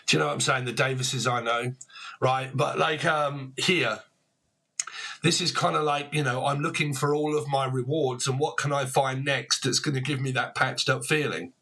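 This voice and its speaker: A man's voice: mid-range voice, steady tone, moderate pace, bright, forceful tone. A man giving a casual tarot reading to camera, rambling, swearing freely and laughing at himself. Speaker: tarot reader.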